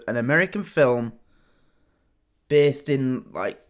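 Reaction host, bright and lively, laughs often. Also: mid-range voice, measured pace. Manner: animated, laughing, chatty. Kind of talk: reaction commentary.

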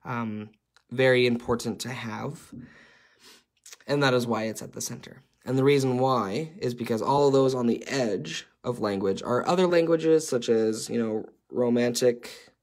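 A man facilitating a workshop, explaining a chart in a conversational way with frequent ums and uhs. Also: mid-range voice.

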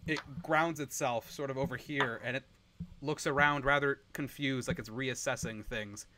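A man's voice: mid-range voice, fairly even intonation, normal speed, background noise. A man acting as dungeon master, easygoing and prompting the players with questions as he narrates the game.

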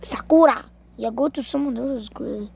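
A woman giving casual, excitable gameplay commentary, shrieking and cursing at what happens in the game. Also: on the high side, moderate pace, vocal fry, noisy background. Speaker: gamer.

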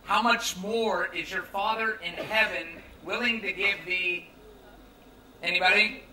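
A man's voice: sits high, steady tone, measured pace, sharp tone, reverberant, distant mic, a little hiss or hum, low-quality recording. A young American man preaching a youth sermon in a casual, joking, conversational way. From United States. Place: large tent at a campground.

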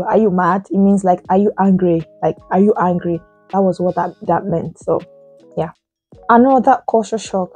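A young woman with a Nigerian accent vlogs in a casual, exasperated storytelling way, throwing out rhetorical questions. Her voice is mellow and slightly husky. Soft music plays faintly behind her. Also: mid-range voice. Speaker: vlogger. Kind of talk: casual chat to camera.

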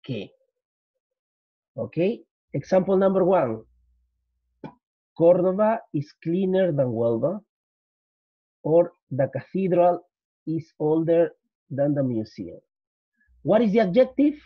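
A man's voice: on the high side, big pitch swings, slow pace, long pauses, slightly rough, no echo. A male English teacher giving a repetitive grammar lecture, drilling each point and slipping into Spanish to explain. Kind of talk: slide-based grammar lecture. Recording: dull lo-fi recording.

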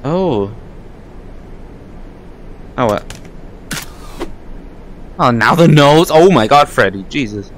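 A man's voice: medium pitch, expressive, slow, long pauses, slight background noise. A young man giving casual gameplay commentary, jittery and swearing, laughing nervously. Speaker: gaming YouTuber.

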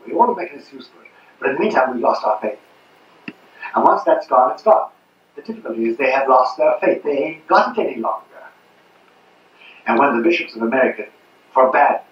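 A man's voice: mid-range voice, a little hiss or hum. An older man giving an impassioned talk to an audience, emphatic, repeating words and asking rhetorical questions. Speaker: speaker at a public talk. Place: hall at a 1992 public talk. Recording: roomy, distant, muffled old audience recording.

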